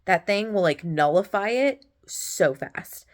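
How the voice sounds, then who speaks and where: A young woman recounting her day in an animated, gushing way. She laughs often and keeps the tone casual and chatty. Her voice is medium in pitch. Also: takes it slowly. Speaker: podcast host. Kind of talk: casual gratitude storytelling.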